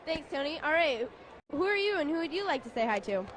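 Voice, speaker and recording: A young woman as sideline reporter, asking kids brisk, cheerful questions. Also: high voice, very animated, slight background noise. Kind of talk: short sideline interviews with kids. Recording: loud crowd and music behind.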